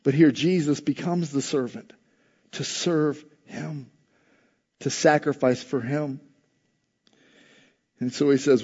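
A man's voice: on the high side, fairly even intonation, takes it slowly, pauses often, a little mellow, dull audio. A man preaching a sermon in an earnest, conversational way, acting out quotes from scripture. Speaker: pastor.

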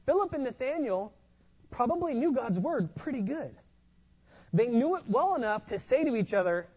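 Preacher mid-sermon, animated, stumbling repeats, muffled lo-fi sound. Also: mid-range voice, normal speed, slightly rough. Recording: dull lo-fi recording.

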